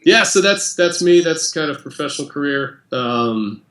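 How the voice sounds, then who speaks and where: A man being interviewed on a podcast, speaking in a relaxed, conversational way with fillers. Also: on the high side, moderate pace, roomy sound. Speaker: interview guest, company president. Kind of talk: casual interview chat.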